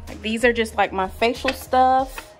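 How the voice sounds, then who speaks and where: A woman's voice: a little high, a little slow, soft background music. Chatty woman touring her spa room. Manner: chatty, filler-heavy listing with many "like" and "um". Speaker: spa owner giving a room tour. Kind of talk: casual walkthrough vlog. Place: indoor spa treatment room.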